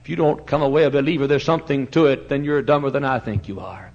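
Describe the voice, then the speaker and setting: A man's voice: mid-range voice, lively intonation, fairly quick. Fiery preacher man, lo-fi. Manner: fiery preaching, swings from shouts to hushed tones. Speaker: pastor. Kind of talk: sermon. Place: church sanctuary. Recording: dull lo-fi recording.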